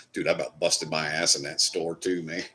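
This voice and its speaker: A man's voice: rumbling low, flat delivery, moderate pace, sharp tone. A man hosting a casual live stream, chatting loosely with viewers and swearing now and then. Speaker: livestream host. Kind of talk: casual live chat reading comments.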